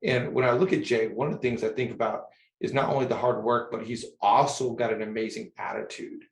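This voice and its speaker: A man's voice: medium pitch, steady tone, brisk. Male podcast host, friendly and affirming, asks open questions, sounds like an echoey room. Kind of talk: conversational podcast interview.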